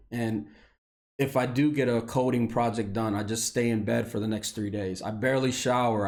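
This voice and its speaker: A man in his thirties from Indiana, a military veteran, delivering an unscripted, profane personal rant that swings between heated anger and low, weary tones. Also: darkish tone. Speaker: video blogger, military veteran.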